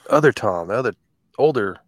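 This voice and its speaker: A man's voice: mid-range voice, expressive, fairly quick, no room sound. A man co-hosting a casual podcast chat, laid back and tossing in dry quips.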